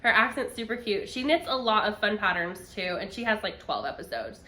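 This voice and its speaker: A chatty young woman co-hosting a casual podcast. She rambles through her thoughts at a middle pitch. Her voice rings in an echoey room. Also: lively intonation, a little fast, bright, forceful tone. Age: young adult. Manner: chatty, rambling, laughs often. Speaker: podcast co-host. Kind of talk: casual chat about knitting podcasts.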